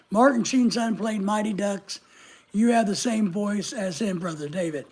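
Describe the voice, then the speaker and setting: A man with a husky voice hosts a casual live stream. He rambles in a loose, chatty way and tosses in jokey asides. He greets viewers by name as he reads out their comments. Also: high voice, sing-song, unhurried. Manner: talks straight to viewers by name. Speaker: livestream host reading viewer comments.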